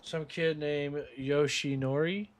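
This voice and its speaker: A man voicing a worried young orphan boy while reading game subtitles aloud, over a steady hiss. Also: fairly high pitch, slow. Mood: uneasy.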